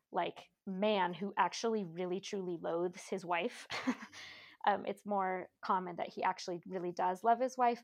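A woman's voice: medium pitch, vocal fry. A woman co-hosting a podcast, reflecting aloud and analytically in a casual book discussion. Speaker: podcast co-host discussing literature.

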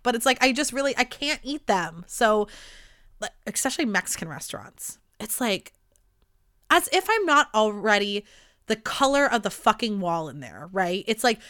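A woman in her twenties telling a rambling, animated story in a casual monologue, swearing freely. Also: on the high side, normal speed. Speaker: podcast host.

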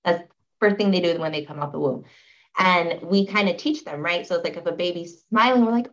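A woman's voice: mid-range voice, normal speed, fairly bright tone. A young woman guest on a podcast, chatting casually with lots of fillers as she tells a story. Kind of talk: casual interview chat. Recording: dull, slightly lo-fi audio.

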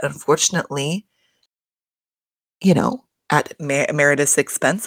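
A woman recapping a reality show in casual, animated chat, swearing freely and laughing often. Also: low voice, measured pace, pauses often, no echo. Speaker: reality TV commentator.

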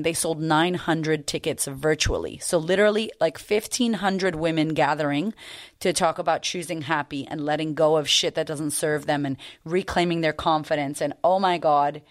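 A woman's voice: low-pitched, no echo, clean studio sound. A woman hosting her own confidence-coaching podcast, talking in a bubbly, profane, slangy way. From United States. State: recovering from losing her voice. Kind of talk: casual podcast monologue.

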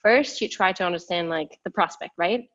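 A woman's voice: lowish voice, moderate pace, fairly bright tone. A woman hosting a podcast interview, talking casually with many fillers and quoting others. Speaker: podcast host. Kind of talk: conversational interview. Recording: dull, lo-fi sound.

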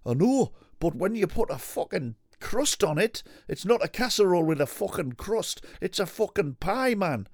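A man doing an excitable male telly cook in a squeaky voice pushed well above his own. He gets sarcastic and loud, and swears a lot. The recording is dry and close. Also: normal speed, no room sound, close to an everyday voice. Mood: indignant. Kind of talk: comic impression.

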